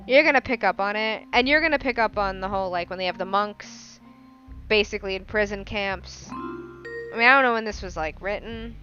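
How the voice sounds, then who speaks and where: A woman rambling through a casual book review podcast in a profane, animated way, recorded on a lo-fi home mic. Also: mid-range voice. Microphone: non-professional mic. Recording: lo-fi home mic, faint music.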